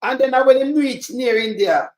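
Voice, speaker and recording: High-voiced Jamaican man, echoey room. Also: normal speed. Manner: greets viewers by name, mocking banter in patois. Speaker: live-stream commentator. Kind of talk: casual live-stream chat.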